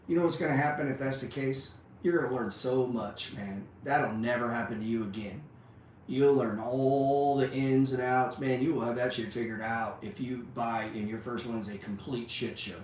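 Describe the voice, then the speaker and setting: A man's voice: medium pitch, distant mic, slight background noise. Profane fired-up man in an echoey room. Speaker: trading educator. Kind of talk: blunt motivational rant.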